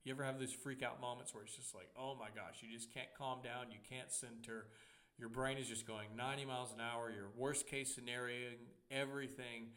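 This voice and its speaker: A man's voice: mid-range voice, flat delivery, brisk, pushed and bright. Conversational male pastor preaching. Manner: conversational preaching with humor and personal stories. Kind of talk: sermon.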